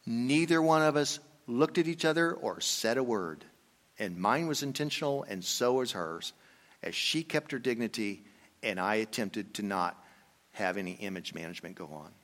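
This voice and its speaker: An older man preaching a conversational sermon, telling a story and dropping into quiet asides. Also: mid-range voice, animated, normal speed. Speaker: pastor. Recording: long reverb from a hall.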